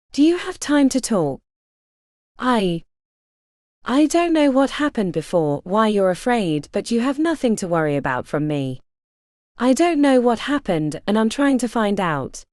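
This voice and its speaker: A woman's voice: fairly high pitch, very animated, measured pace, darkish tone, dry recording, studio quality. A woman voicing a blunt, determined young woman in an audiobook, speaking directly and firmly.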